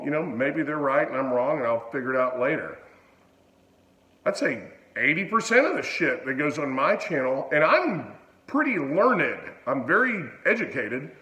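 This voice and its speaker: A man's voice: on the high side, fairly bright tone, roomy sound, rough recording. A man hosting his own channel, ranting in a blunt, profane, rambling casual way. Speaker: channel host. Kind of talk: casual vlog rant.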